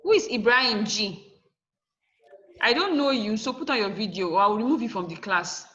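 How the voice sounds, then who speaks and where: A woman's voice: a little high, lively intonation, moderate pace, pushed and bright, muffled recording. A woman teacher giving a lesson over a video call, firm and instructive, spelling out word endings letter by letter. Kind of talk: online class lesson.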